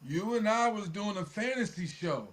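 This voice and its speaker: A man co-hosting a casual podcast, laid-back, telling stories in quick asides. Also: sits high, animated, fairly bright tone. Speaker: podcast co-host.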